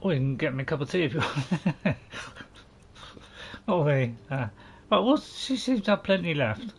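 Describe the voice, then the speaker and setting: A man's voice: fairly high pitch, animated, moderate pace, slight background noise. A man, a gaming host, giving jokey casual let's-play commentary and bantering with game characters.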